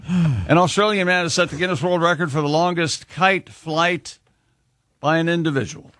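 A man with a fairly high, bright-toned voice rattles off sports scores and quirky news items, tossing in quick jokes between the facts. The recording is close and dry, with no room around it. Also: no room sound. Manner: reads sports scores briskly, joking asides. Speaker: radio show host reading the news. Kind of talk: casual morning show banter.

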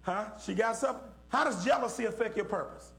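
Talking quickly in a high, gravelly voice, a middle-aged man teaches young people the Bible interactively, posing questions and calling on individuals with folksy preacher flair. The recording is a bit bright.

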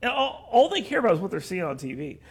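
A man hosting a political talk show, chatting casually, animated and joking, with frequent restarts. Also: high-pitched, fast, vocal fry, slight background noise.

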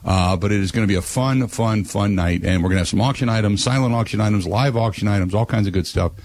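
Hosting a radio talk show, a man rants and offers blunt opinions, his voice shooting up high when he gets worked up. He talks fast, with a darkish tone.

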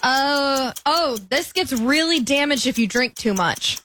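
A woman's voice: high-pitched, bright, forceful tone, a little hiss or hum. A woman contestant giving clues in a timed word game, hesitant with many ums. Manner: hesitant, lots of ums, quick when explaining. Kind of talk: describing clue words in a timed game.

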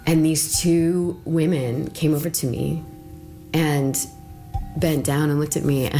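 A woman with a strikingly deep voice recounts her own experience in a loose, chatty way, peppering her talk with "like" and sometimes dropping to a hushed whisper. Faint music hums in the background. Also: fairly even intonation, slow. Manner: chatty, full of "like", drops to whispers for remembered thoughts. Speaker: interviewee. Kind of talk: casual personal storytelling.

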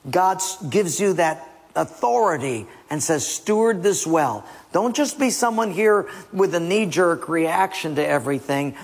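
Gravelly, raspy male preacher. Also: on the high side, expressive, moderate pace. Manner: urgent and emphatic, swinging from hushed asides to loud exhortation. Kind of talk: sermon. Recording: long reverb from a large hall.

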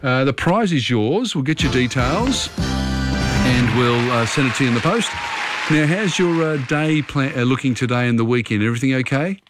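A man hosting a radio quiz, reading questions briskly with quick asides. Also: medium pitch, animated, over loud music, over a noisy crowd. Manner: brisk, friendly quizmaster, quick asides and fillers. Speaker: radio host. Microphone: studio microphone.

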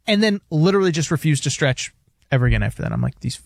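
Brief: lively man radio co-host, somewhat high, dry booth sound. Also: fast, dry recording. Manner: animated storytelling, mimics people. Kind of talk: casual sports radio chat.

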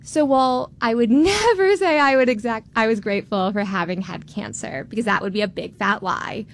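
A woman in her twenties from Florida, telling a personal story on stage in a candid, self-deprecating, animated way. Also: mid-range voice, creaky, slight background noise. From Tampa, Florida. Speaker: storyteller, law student.

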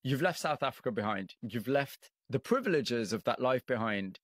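Guy hosting a radio show, calm measured storytelling, dry studio mic. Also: medium pitch, no room sound. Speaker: radio presenter. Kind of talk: scripted radio narration and interview.

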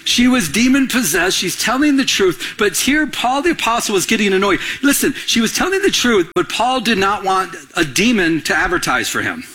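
Animated husky-voiced male pastor. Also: high voice, moderate pace, hardly any pauses. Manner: animated, conversational, asks the congregation questions. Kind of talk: sermon.

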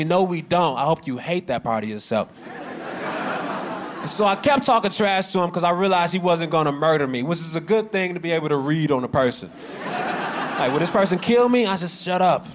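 A man's voice: fairly high pitch, lively intonation, brisk, slight background noise. Sarcastic male stand-up comic. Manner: sarcastic, confrontational storytelling with shouted voices. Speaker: stand-up comedian. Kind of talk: stand-up storytelling.

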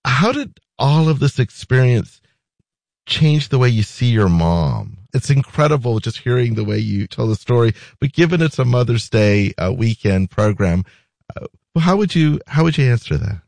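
A man's voice: mid-range voice, animated, normal speed, vocal fry, a little mellow, no room sound. A man hosting a healthcare show, asking questions earnestly and often repeating words as he starts. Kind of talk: interview.

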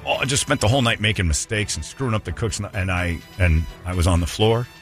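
A man's voice: lowish voice, quick pace, a bit bright, faint music behind. A man hosting a radio show, telling a long rambling story in a casual, anecdotal way with restarts and asides.

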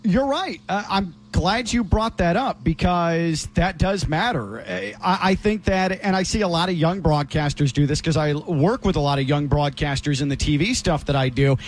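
A man's voice: fairly high pitch, moderate pace, hardly any pauses. A man who works as a sports broadcaster, talking sports casually and emphatically as a co-host. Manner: emphatic, opinionated.

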